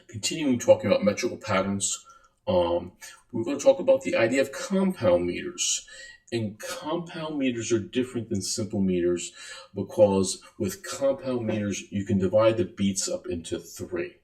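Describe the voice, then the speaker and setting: A man giving a relaxed music lecture, counting and singing beats aloud between many fillers. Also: on the low side, normal speed. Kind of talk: recorded lecture. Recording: echoey room.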